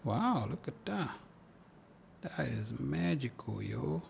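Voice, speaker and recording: The speaker is a trading educator leading a live market lesson, slangy and casual, thinking aloud and muttering or humming as he goes. His gravelly voice is medium in pitch, slow, and full of big pitch swings. The recording is muffled, with slight background noise.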